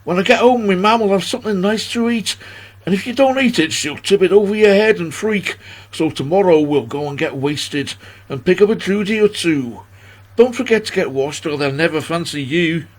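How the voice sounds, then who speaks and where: A man's voice: high voice, expressive, moderate pace, pitched above the performer's own voice. A man in his sixties voicing a brash young male Liverpool lad in an exaggerated put-on Scouse accent, with cheeky banter. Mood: boisterous. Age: 60s. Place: at home.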